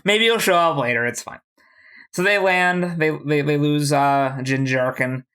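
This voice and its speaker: In loose, casual chat, a podcast co-host races through a TV episode recap with a profane, animated delivery. He slips into quick acted-out character lines, his pitch in an ordinary middle range and his tone clean.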